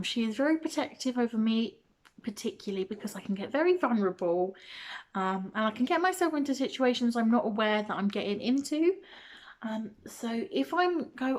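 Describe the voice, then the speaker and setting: A woman's voice: medium pitch, moderate pace. A young woman vlogging, answering questions to the camera in a hesitant way, with many ums and restarts and small laughs. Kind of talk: casual talk to camera.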